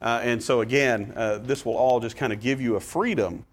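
A man's voice: mid-range voice, moderate pace. A man teaching a Bible study class, explaining passages casually and reading scripture aloud with feeling. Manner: conversational, dramatizes scripture readings with rising intensity; frequent fillers and restarts, relaxed explaining. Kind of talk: classroom lesson.

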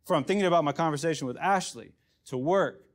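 A male pastor gives a sermon in an easygoing, self-deprecating way. His voice sits a little high, and he often drops to a quiet hush to land a point. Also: a little fast. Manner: conversational, self-deprecating, drops to hushed emphasis.

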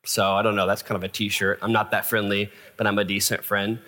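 A man's voice: on the low side, flat delivery, a little fast, pushed and bright. A man preaching a casual, self-deprecating sermon to his church, with fillers and asides. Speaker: pastor.

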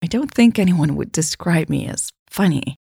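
A woman's voice: sits low, expressive, normal speed, vocal fry, mellow, breathy edge, dry recording, exaggerated voice. A woman reading a story voices a guarded, self-critical adult woman who speaks dryly and bluntly. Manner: dry, blunt delivery.

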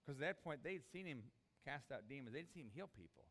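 A man's voice: mid-range voice, animated, a little fast, fairly bright tone. A man preaching a sermon, acting out the disciples' pleas in a raised voice. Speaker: pastor.

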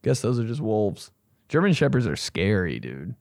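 A comedian host riffing in a loose, profane, rambling way, with sudden loud bursts. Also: male voice, on the low side, very animated, moderate pace, creaky, no echo, studio quality. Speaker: comedian host reacting to listener stories.

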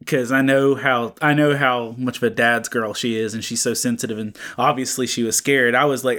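A man in his thirties talks in a loose, rambling way, piling on fillers and false starts as he tells a story. His pitch sits in the middle range for a man. He co-hosts a relaxed comics chat show. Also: a little fast, few pauses. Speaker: podcast co-host. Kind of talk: casual chat.

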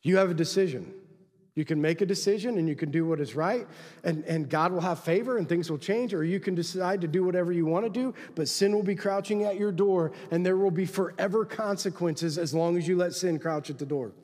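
A man preaching a sermon as pastor, emphatic, swinging from loud exhortation to quiet asides. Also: high-pitched, fairly quick, big-room sound.

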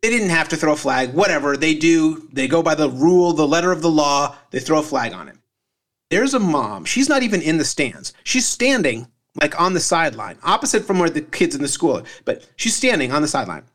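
A man with a slightly higher voice tells an anecdote on a casual comedy podcast. He rambles with fillers and restarts in an easygoing way. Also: big pitch swings, brisk, a bit bright. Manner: rambling with fillers, laughs at own story. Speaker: podcast co-host, parent.

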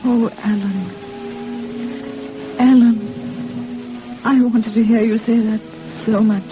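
A woman's voice: fairly high pitch, steady tone, slow pace. An actress playing an emotional young woman, a tender and anxious sweetheart, in 1940s radio acting. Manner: emotional, pleading. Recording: narrow-band old radio broadcast with music.

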